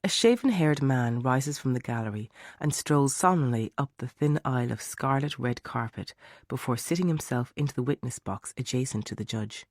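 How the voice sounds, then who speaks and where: A man narrating a mystery thriller audiobook in a measured storytelling way. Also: medium pitch, dry recording, studio quality. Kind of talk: scripted narration.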